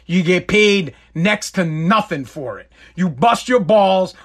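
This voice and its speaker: A man's voice: sits high, slow. A man delivering a heated, profane comedic rant as a show host. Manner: profane, heated, animated ranting.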